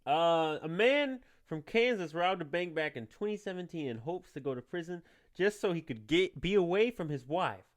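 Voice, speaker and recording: A young man hosts a casual podcast in a rambling, jokey way, laughing often. His voice sits a little high, smooth and clear, and swings widely in pitch. The sound is dry, with no room around it. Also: lively intonation, normal speed, dry recording. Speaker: podcast host.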